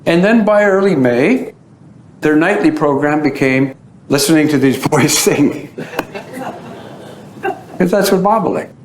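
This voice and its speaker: A man's voice: a little slow, long pauses. A man giving a storytelling talk, acting out the voices of the people he describes. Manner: animated storyteller who acts out quoted voices. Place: at the site being described. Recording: roomy echo with faint low rumble.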